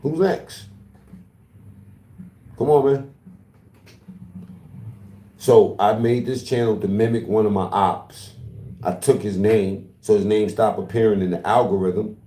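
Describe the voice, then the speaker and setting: A man's voice: lowish voice, takes it slowly, pauses often, mellow, echoey room. A man livestreaming in casual talk to his chat, taunting and profane as he trash-talks.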